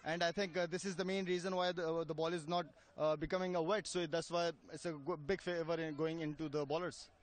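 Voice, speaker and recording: Halting cricketer answering questions. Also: male voice, fairly high pitch, level tone. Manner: halting, many fillers and restarts. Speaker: cricketer being interviewed. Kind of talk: post-match style interview.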